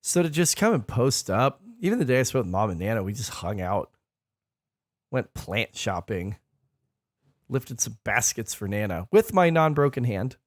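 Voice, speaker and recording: A man's voice: mid-range voice, very animated, moderate pace, no room sound, studio quality. A man co-hosting a casual gaming podcast, telling stories bluntly with plenty of swearing. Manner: blunt, profane storytelling. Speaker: podcast co-host.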